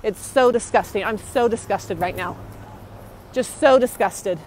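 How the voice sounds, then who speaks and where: An indignant young woman walks quickly near a courthouse, livestreaming on the phone she's holding and repeating herself in agitation. She talks at a measured pace in a medium-pitched voice, over a little hiss or hum in a low-quality recording.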